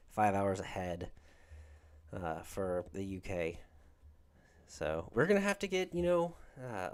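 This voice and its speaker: Here a livestream host from Georgia, USA, rambles in a Southern accent while talking casually with his audience. The voice is lowish with a darkish tone.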